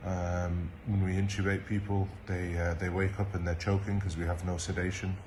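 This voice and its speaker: An exhausted man speaks in a very low, flat voice. He talks haltingly, breaking up his account with pauses and ums. A faint hiss runs under the clip. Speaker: medic. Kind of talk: recorded video account.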